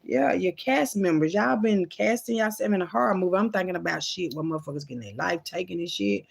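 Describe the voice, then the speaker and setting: A woman's voice: on the low side, brisk, creaky, slightly rough. A woman vlogger in a loose, profane, rambling monologue about faith, talking straight to her viewers. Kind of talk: casual rambling spiritual monologue.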